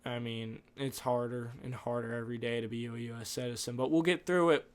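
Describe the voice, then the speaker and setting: A man's voice: mid-range voice, steady tone, fairly quick, clear, resonant tone. A man hosting a podcast, rambling off script through an opinionated casual monologue. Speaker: podcast host.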